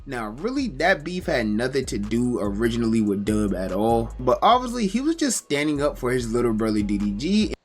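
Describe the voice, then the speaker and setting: A man's voice: medium pitch, big pitch swings, a little fast, hardly any pauses, soft background music. A man narrating a scripted commentary video, explaining and telling a story.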